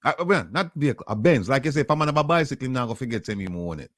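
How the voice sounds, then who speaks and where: A man's voice: mid-range voice, expressive, fast talker, fairly bright tone, no echo, clean studio sound. A man with a Jamaican accent hosting a casual talk, insistent and argumentative as he directs the reading. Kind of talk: casual chat.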